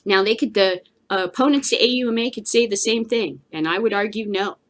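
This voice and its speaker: A woman's voice: medium pitch, fairly quick. A woman hosting a cannabis news show, giving blunt, emphatic solo commentary with a preachy edge.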